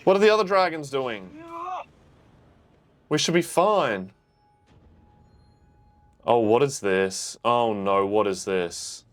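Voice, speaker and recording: Young Aussie guy, reaction host, slow-paced talk with lively pitch, curses and yells at the screen. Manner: swearing, yelling at the screen. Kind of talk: casual TV reaction commentary.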